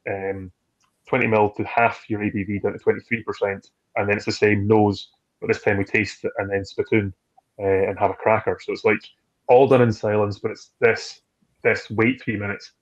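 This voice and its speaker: A man chatting casually as a distillery guest, telling rambling, animated stories and acting out what others said. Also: on the low side, dull audio. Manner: rambling, animated storytelling with acted-out quotes. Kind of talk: casual chat.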